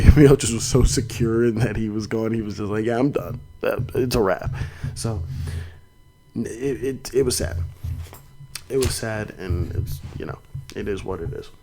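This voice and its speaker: Young man, podcast host, mellow dark voice, rambling casual talk, restarts. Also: lowish voice, measured pace, vocal fry, long pauses, low-quality recording. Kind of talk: solo fight commentary podcast.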